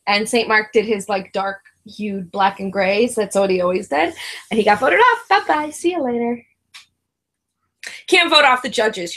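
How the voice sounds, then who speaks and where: A woman co-hosting a reality TV review show, chatting casually and rambling, laughing often and using lots of "like" and "um". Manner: mimics others in a high, excited voice when retelling. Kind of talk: casual chat.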